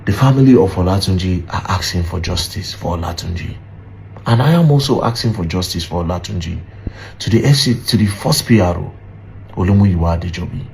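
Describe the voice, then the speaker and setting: A man makes an impassioned, pleading appeal and asks question after question. His voice is low and gravelly. Faint noise hums in the background. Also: brisk, darkish tone. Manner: pleading, rhetorical. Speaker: commentator.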